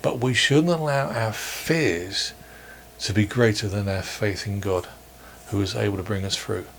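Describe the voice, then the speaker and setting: A man preaching a sermon for online worship, measured and earnest, posing questions to his listeners. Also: on the low side, vocal fry, a little hiss or hum. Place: church or home, recorded for online worship.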